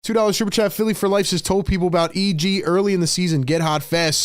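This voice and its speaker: A man hosting a live fan stream, calling the game play by play and reacting excitedly while talking to viewers in the chat. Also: high voice, quick pace, hardly any pauses, clear, resonant tone, dry recording, studio quality. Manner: excitable, shouts big plays, chats with viewers. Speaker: livestream host.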